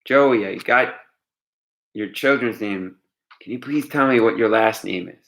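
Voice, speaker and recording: A man voicing a gentle, searching cantor. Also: lowish voice, unhurried. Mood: inquiring. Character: polite, searching synagogue cantor.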